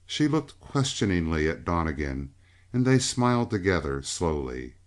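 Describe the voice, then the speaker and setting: Male audiobook narrator, deep voice, lively intonation, measured storytelling. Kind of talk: scripted narration of a western novel.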